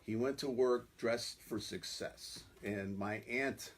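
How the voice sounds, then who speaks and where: A man's voice: medium pitch, slow, a little hiss or hum. A man who is a guest musician, telling stories in a rambling way, full of "you know" fillers. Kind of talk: conversational storytelling.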